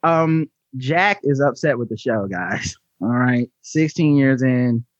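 A man's voice: medium pitch, lively intonation, takes it slowly, no room sound, muffled recording. A man hosting a podcast in casual comedic chat, riffing, mimicking voices and swearing freely. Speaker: podcast host.

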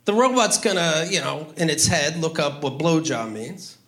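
A man's voice: a little high, expressive. Profane ranting stand-up man. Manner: profane, rapid ranting with sudden loud outbursts. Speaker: stand-up comedian. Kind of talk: stand-up routine.

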